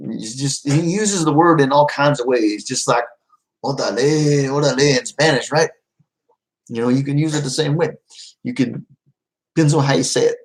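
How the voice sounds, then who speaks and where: A man's voice: mid-range voice, poor audio. A man chatting casually with his live-stream viewers, easygoing and rambling, often laughing. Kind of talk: casual livestream chat.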